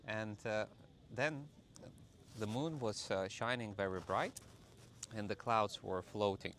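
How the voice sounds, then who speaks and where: A man telling a personal story to camera in a halting way, with many filler pauses. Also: lowish voice, fairly bright tone, a little hiss or hum. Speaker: vlogger.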